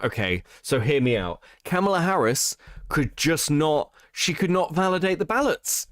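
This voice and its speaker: A man giving casual, profane live-stream commentary on chat, animated and laughing often. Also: a little high, normal speed, no room sound, clean studio sound.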